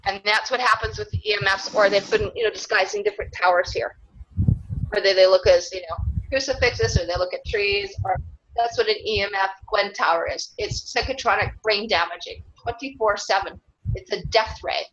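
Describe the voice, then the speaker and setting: A woman's voice: mid-range voice, fairly quick, a bit bright, slight background noise. A woman being interviewed, talking in a rambling, earnest way and laughing often between thoughts. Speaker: interviewee, self-described clan mother. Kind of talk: casual interview talk. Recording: dull lo-fi sound.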